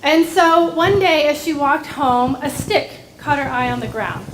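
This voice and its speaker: A woman gently telling a story to children during a church service. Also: high-pitched, a little slow, noisy background. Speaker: director of religious education. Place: church sanctuary.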